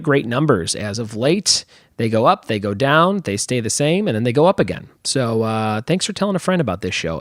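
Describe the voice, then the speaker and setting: A man hosting a trivia podcast in a casual, joking way, reading out quiz terms slowly and clearly and then riffing on them. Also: mid-range voice, no room sound, clean studio sound. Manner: playful, jokey, drawn-out quiz terms.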